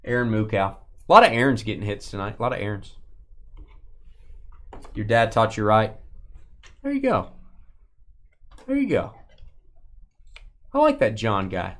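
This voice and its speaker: Lively joking man hosting a card break. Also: lowish voice, a little fast. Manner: joking, teasing banter with off-camera crew. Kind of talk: live-stream card break commentary.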